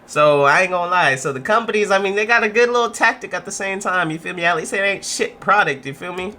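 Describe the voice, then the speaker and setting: A man's voice: high-pitched, quick pace, bright, forceful tone. A man hosting a reaction video, chatting casually in a slangy, laid-back way.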